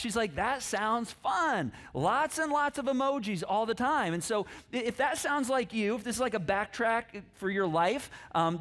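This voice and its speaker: Male pastor, high-pitched, lively sermon delivery with playful impressions. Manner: animated, acts out voices, laughs often. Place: church. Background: congregation.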